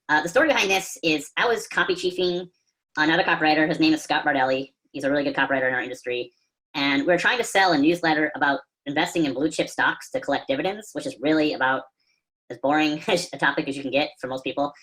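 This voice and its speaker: A man's voice: a little high, quick pace, pushed and bright, poor audio. Man guest instructor, conversational storytelling, fillers, casual swearing, video call. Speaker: copy chief and guest instructor. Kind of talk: casual teaching talk.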